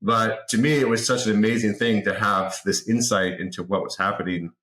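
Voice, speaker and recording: A man in his forties telling an anecdote as a podcast guest in a lively, casual way, often repeating words. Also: fairly low pitch, a little fast. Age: 40s. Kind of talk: casual interview storytelling. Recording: roomy echo.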